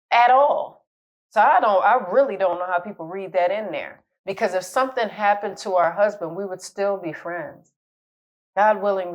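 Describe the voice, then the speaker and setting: A middle-aged woman coach giving candid, conversational relationship advice, laughing at her own jokes now and then. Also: medium pitch. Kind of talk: casual advice talk to camera.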